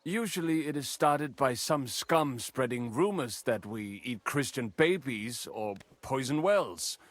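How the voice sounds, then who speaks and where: A man's voice: mid-range voice, expressive, measured pace, dry recording. A wary, bitter townsman, curt and suspicious in every line. The delivery is dry and close, with no room around it. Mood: guarded. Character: wary, bitter adult male Jewish townsman. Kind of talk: game dialogue.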